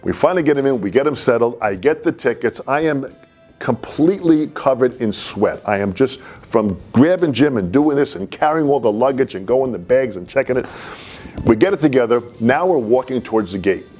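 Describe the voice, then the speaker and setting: A man telling a personal anecdote in an animated way, laughing as he goes. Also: medium pitch, moderate pace, faint music behind. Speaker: storyteller.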